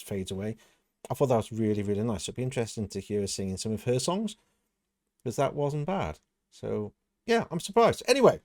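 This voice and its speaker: A man's voice: lowish voice, mellow, dry recording, clean studio sound. A man hosting a music reaction video, talking through a song in a chatty, thoughtful way. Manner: thoughtful, chatty, analytical about vocals. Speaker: music reaction channel host. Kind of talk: casual reaction commentary.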